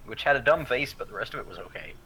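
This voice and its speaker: A man's voice: medium pitch, expressive, fast talker, vocal fry, bright, forceful tone, a little hiss or hum, rough recording. A young man making dry, wry remarks in casual chat beside someone playing a video game. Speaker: co-commentator on a game stream. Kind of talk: casual gameplay commentary.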